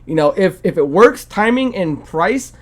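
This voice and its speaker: A man hosting a casual video game podcast, his voice sitting a little high. He rambles loosely, circling back with fillers and restarts. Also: expressive, normal speed. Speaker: podcast host.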